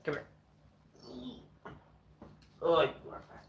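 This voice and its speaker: A man streaming from home with his dogs, chatting casually as he eats, blunt and opinionated, clearing his throat often. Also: on the high side, measured pace, long pauses, fairly bright tone. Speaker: streamer eating on camera and answering chat. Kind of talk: casual rambling chat and rant. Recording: echoey room.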